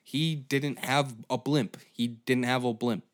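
Guy telling a story on his comedy podcast, swears a lot, rambly and sarcastic, normal-pitched voice. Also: fairly even intonation, measured pace. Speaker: podcast host.

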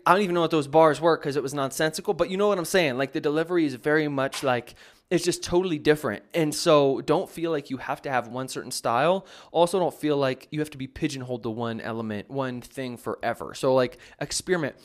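A man's voice: fairly high pitch, fast. A man, a music producer, talking casually and answering viewer questions, rambling with many fillers and restarts. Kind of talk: casual advice talk.

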